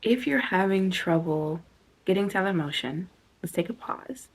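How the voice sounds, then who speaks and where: A woman hosting a self-help video, talking casually as she guides a reflection, chatty and self-interrupting, sometimes dropping to a soft near-whisper. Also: fairly low pitch, expressive, normal speed, breathy edge.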